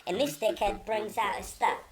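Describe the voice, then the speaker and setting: A woman's voice: mid-range voice, steady tone, moderate pace, a crowd in the background. A woman hosting her own channel, giving indignant, mocking commentary as she reads out messages, swearing freely. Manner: profane, mocking and exasperated. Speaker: channel host.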